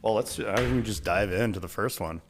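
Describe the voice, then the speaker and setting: A man's voice: on the low side, fairly quick, noisy background. A man hosting a wine panel in casual chat, laughing often and reading a news item aloud. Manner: laughs often, relaxed and playful. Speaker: wine show host.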